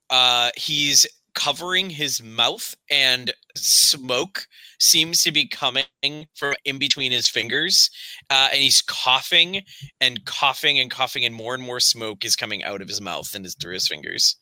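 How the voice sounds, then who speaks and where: Bright-voiced man running a horror game. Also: mid-range voice, no room sound. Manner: unhurried narration with frequent "uh". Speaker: game master. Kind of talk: narrating a tabletop horror game.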